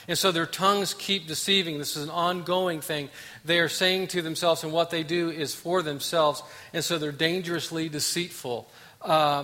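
A man preaching a sermon as pastor, swinging from loud, emphatic passages to quiet, hushed ones. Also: a little high. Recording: long hall reverb.

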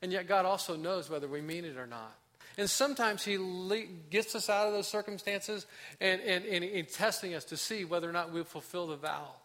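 A man preaching a sermon as a pastor, acting out heartfelt prayers and dropping to soft, slow emphasis on key points. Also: high voice.

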